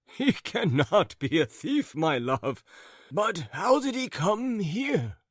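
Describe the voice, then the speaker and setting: A man voicing an amused old gentleman who speaks slowly and indulgently to his wife. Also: high voice, sing-song, no room sound, clean studio sound, voice pushed up, full character voice. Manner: chuckling, slow and indulgent.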